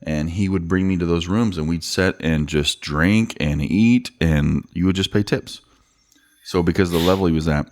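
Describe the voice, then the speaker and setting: Deep-voiced man swapping stories over drinks. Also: moderate pace. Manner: laid-back, swears freely, tells stories with laughs. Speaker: podcast co-host. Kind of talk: casual chat over drinks.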